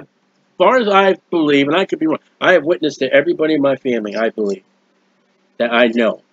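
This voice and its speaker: A man preaching a sermon in an earnest, rambling way, with restarts and quiet asides, recorded at home. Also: fairly high pitch, breathy edge, no echo, lo-fi sound. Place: at home, birds heard nearby.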